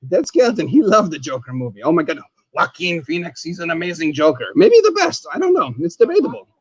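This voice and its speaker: Eating as he chats on a casual stream, a fast-talking man with a fairly high pitch gets excitable and exclaims often. He calls himself the dead skeleton in the third person.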